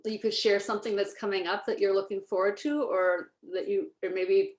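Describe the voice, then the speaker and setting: A woman's voice: medium pitch, steady tone, a little fast. Woman host, loose searching phrasing, roomy echo, online meeting.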